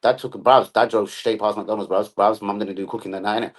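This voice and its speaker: A man's voice: on the low side, steady tone, brisk. A young man hosting a football live stream, talking in rowdy, profane slang-heavy banter.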